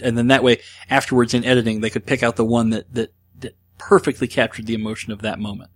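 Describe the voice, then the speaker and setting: Man, podcast host, casual monologue, rambling, chatty, mid-pitched voice. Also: fairly bright tone. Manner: rambling and chatty, with many fillers and asides.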